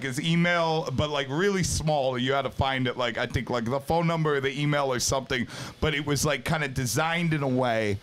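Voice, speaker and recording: Man, podcast host, casual talk, profane, rambling, middle pitch. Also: fairly bright tone. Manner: rambling, profane, self-interrupting.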